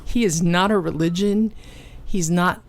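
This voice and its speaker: Woman speaker with a low voice, telling her testimony earnestly and emotionally. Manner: earnest, emotional storytelling with dramatic pauses. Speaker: ministry cofounder and conference speaker. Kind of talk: personal testimony.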